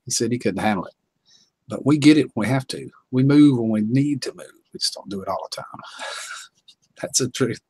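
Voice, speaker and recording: A man's voice: mid-range voice, moderate pace, a little mellow, slight background noise, low-quality recording. A man from North Carolina with a Southern accent, hosting a casual live-stream chat in a folksy, drawling way and reading viewers' comments aloud.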